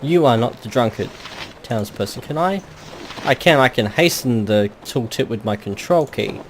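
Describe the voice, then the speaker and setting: A man's voice: medium pitch, lively intonation, moderate pace, a little hiss or hum. Man with dry, wry gameplay commentary. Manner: dry, wry asides with sudden crude jokes. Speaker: let's play host.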